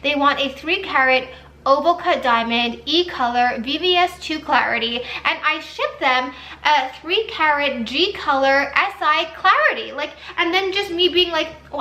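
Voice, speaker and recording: A woman's voice: sits high, unhurried, roomy sound. A young woman telling a storytime vlog in a casual, exasperated way, full of "like"s. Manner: animated and exasperated, many "like"s. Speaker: vlogger.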